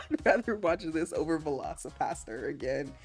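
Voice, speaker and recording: A woman's voice: low voice, measured pace, slightly rough, soft background music. A woman livestreamer in a casual chat, laughing often and teasing as she reads chat messages aloud and answers them. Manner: playful, teasing, animated.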